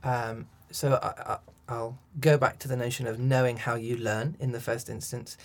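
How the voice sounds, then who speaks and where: A man's voice: mid-range voice, little pitch movement, moderate pace. A man, a coach, answering interview questions thoughtfully with frequent restarts and ums. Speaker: accent coach.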